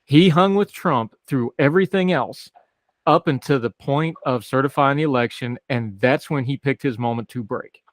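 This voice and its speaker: A man's voice: mid-range voice, normal speed, no echo. A man hosting a radio talk show, setting up his questions at length in a conversational way. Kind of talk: interview questions.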